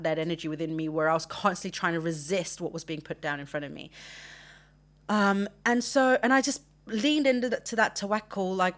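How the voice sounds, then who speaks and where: A woman's voice: fairly low pitch, a bit bright. A young woman from Denmark hosting a podcast, telling a personal story in a rambling, earnest way with lots of fillers and restarts. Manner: earnest and emotional, laughs through discomfort. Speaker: podcast host.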